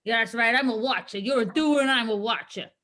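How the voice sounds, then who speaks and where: A woman's voice: on the high side, fairly quick, a bit bright. A woman improvising a comedy scene, pushy and teasing. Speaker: improv performer.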